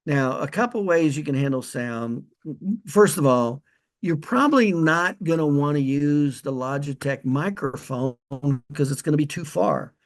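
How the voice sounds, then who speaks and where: Fairly high and animated, his voice moves a little slowly. A practice consultant, he gives loose spoken training in a casual video, issuing direct instructions and often restarting, with a lavalier held like a handheld mic.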